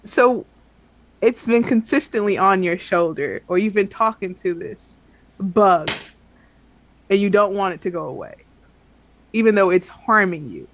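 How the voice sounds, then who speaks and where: Player voicing a gently probing party member. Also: medium pitch, measured pace, long pauses. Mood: concerned. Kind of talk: tabletop role-play.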